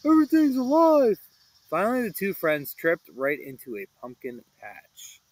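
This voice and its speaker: Animated man reading a children's story. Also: mid-range voice, normal speed, a little hiss or hum, low-quality recording. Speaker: storybook reader. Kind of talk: read-aloud children's story narration.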